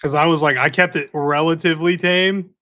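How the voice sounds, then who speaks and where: A young man co-hosting a podcast in casual chat, telling stories in an animated way and swearing a lot. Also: a little high, fairly quick. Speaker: podcast co-host.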